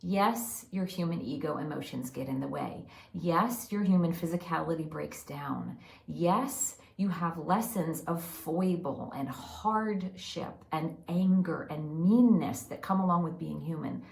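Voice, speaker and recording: A woman voicing a loving collective of light beings, delivering a channeled spiritual message in slow, repeating, chant-like phrases. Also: low voice, creaky, echoey room. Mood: serene. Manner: slow, repetitive, incantatory delivery.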